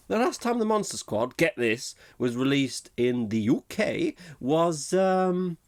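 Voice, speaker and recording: Rambling, self-mocking podcast host. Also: male voice, on the high side, big pitch swings, unhurried, few pauses. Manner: rambling and self-mocking, laughs often at himself. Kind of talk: casual solo podcast chat.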